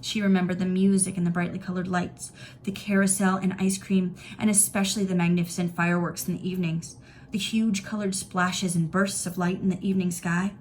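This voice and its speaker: A woman teacher reads a novel aloud for her class, clear and steady. She tells the story plainly and evenly, with a faint hiss underneath. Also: on the low side, fairly quick.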